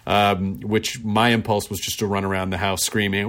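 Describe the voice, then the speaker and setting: Chatty podcast host, loose and jokey. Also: male voice, fairly low pitch, level tone, moderate pace, fairly bright tone. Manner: chatty and jokey, frequent filler words, loose self-deprecating asides. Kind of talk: casual podcast monologue with listener mail and ad read.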